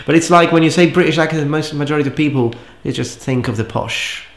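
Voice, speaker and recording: A man's voice: on the high side, fast talker, roomy sound. A man chatting casually while playing a game, explaining things at length and laughing often. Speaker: co-player and commentator. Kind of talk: casual gaming chat.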